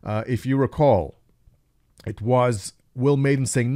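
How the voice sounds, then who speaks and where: A man delivers casual gaming news commentary into a close mic, in a mid-pitched voice that suits his sarcastic aside. The recording is dry, with no room sound around him. His manner stays wry and relaxed. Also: slow pace, no echo. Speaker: gaming news video host.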